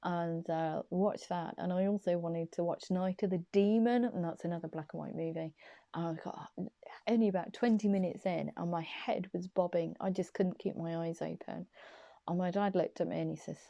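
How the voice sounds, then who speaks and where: A woman's voice: lowish voice, fairly even intonation, normal speed, gravelly, dark tone, dry recording, lo-fi sound. A woman giving a casual, chatty tarot reading. She rambles enthusiastically and giggles often, filmed in a small room on a desk camera. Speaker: tarot card reader. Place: small room at her parents' home. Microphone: camera on a small desk tripod.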